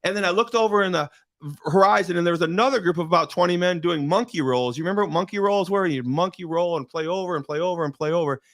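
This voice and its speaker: A middle-aged man from Michigan tells a personal story as a podcast guest, building to impassioned peaks and repeating key words. His voice sits a little high, and the recording is dry and close with no room sound. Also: fairly bright tone, dry recording. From Michigan, USA. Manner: impassioned, dramatic pauses, repeats for emphasis. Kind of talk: emotional storytelling in conversation.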